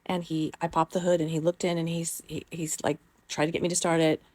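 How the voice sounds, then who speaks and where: A woman's voice: sits low, flat delivery, brisk, a little mellow, dry recording. A middle-aged woman telling a personal story in a rambling, casual way, with many fillers and the odd swear word.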